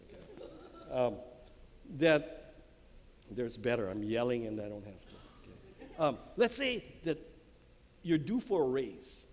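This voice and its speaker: This man has a mid-range, darkish, sing-song voice, moving at a measured pace with long pauses. At a marriage conference in a church hall, he gives a lively talk to a live audience, acting out little quotes and laughing at his own jokes, on a handheld mic with long hall reverb and faint room noise.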